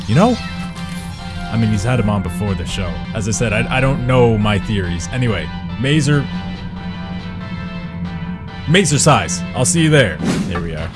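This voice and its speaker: A young man giving excitable let's-play commentary, swearing and yelling at the game as he plays. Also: medium pitch, normal speed. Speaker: gaming YouTuber. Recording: game music playing behind.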